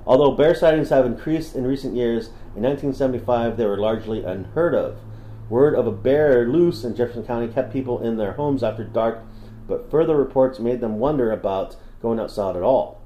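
A man in easygoing podcast banter, reading odd monster reports aloud and cracking crude jokes between them. His voice is mellow and warm, heard in an echoey room with faint noise underneath. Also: medium pitch, brisk. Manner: joking, laughs often, crude. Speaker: podcast co-host.

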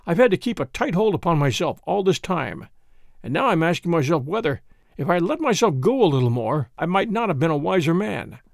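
A man's voice: a little high, sing-song, a little fast, creaky, no echo, studio quality. A man as an indignant young Englishman. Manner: earnest, indignant storytelling. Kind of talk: audiobook character voice.

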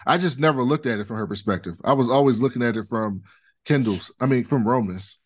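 A man's voice: mid-range voice, fast talker, slightly rough. A man co-hosting a podcast, casually recapping a TV episode in a loose, rambling way with many fillers. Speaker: podcast co-host.

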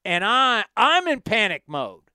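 A man in his fifties hosting a sports talk show, excitable and self-mocking as he tells stories. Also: sits high, a little slow, clear, resonant tone, no room sound, clean studio sound. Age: 50s. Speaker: sports radio host.

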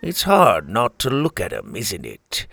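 A man's voice: mid-range voice, wildly swooping pitch, slow pace, vocal fry, fairly bright tone, full character voice. A man doing a sneering swaggering captain. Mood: smug. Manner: sneering, playful, boastful. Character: cocky swaggering male pirate captain.

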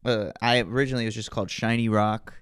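A man co-hosting a casual podcast, cracking deadpan jokes. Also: fairly low pitch, fast talker, clear, resonant tone, dry recording. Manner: deadpan joking. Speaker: podcast co-host. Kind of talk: casual comedic chat.

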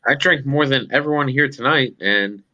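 A man chatting casually with friends, loose and quick to laugh. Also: mid-range voice, pushed and bright, dull audio. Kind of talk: casual chat.

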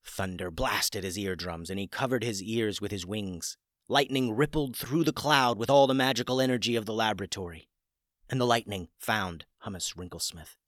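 A man narrating a children's story in a gentle storytelling manner, building the excitement through its dramatic parts. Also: mid-range voice, dry recording, studio quality. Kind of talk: scripted narration.

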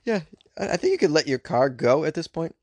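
A man's voice: a little high, big pitch swings, a little fast, a little mellow, no echo. A man hosting a podcast, giving comedic commentary on odd news with crude, sarcastic riffs and asides. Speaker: podcast host.

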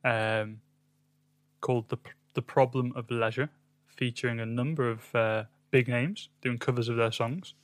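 A man's voice: mid-range voice, fairly even intonation, normal speed, no echo. Guy rambling on a music podcast, lots of ums, dry close sound. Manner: rambling, hesitant with many ums. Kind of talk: casual chat.

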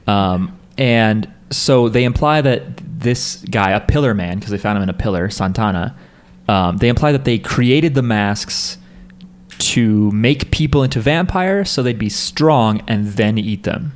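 A man's voice: on the low side, lively intonation, measured pace. A man co-hosting a podcast, leading a loose, profane chat recapping an anime episode. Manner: profane, explanatory, leads the discussion. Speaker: podcast co-host.

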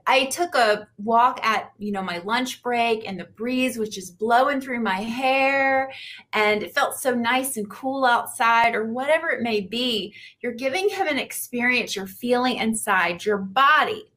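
A woman's voice: fairly high pitch, measured pace, pushed and bright. A woman dating coach giving chatty, upbeat advice on a livestream, repeating points for emphasis.

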